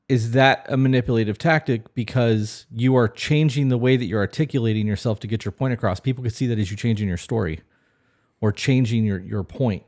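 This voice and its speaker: A man's voice: mid-range voice, darkish tone. A man co-hosting a podcast, talking frankly and questioningly in casual chat, swearing freely. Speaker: podcast co-host.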